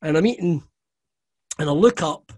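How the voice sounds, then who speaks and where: A man telling stories as a guest, his voice sitting a little high. He swears freely and throws himself into his anecdotes, laughing along the way. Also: normal speed. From Scotland. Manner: profane, animated anecdotes with laughter. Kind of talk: casual storytelling.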